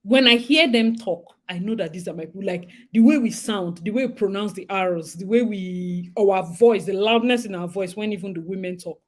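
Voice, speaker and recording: A young Nigerian woman from Rivers State, speaking with her local accent as she hosts a casual live chat, animated, laughing often and slipping into pidgin. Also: mid-range voice, normal speed, few pauses. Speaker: host.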